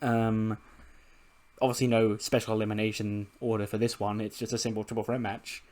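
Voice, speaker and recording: A man's voice: lowish voice, fairly quick. Man animatedly recapping a game. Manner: animated storytelling, acting out characters, laughing often. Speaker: gaming channel host. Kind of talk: casual game recap narration.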